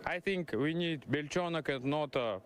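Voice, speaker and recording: A man coaching an esports team, answering in halting, simple non-native English, blunt and direct. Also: fairly high pitch, slight background noise. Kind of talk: interview answers.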